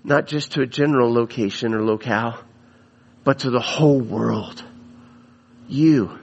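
A man's voice: mid-range voice, measured pace, muffled recording. A man preaching a sermon, emphatic, repeating phrases for stress. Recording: long hall reverb.

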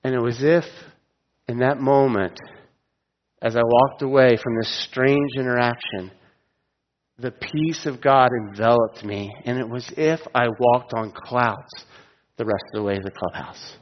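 A man's voice: medium pitch, unhurried. A middle-aged man preaching a sermon, telling stories and asking the listeners direct questions. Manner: storytelling, asks listeners direct questions, chuckles at own jokes. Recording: dull sound with long hall reverb.

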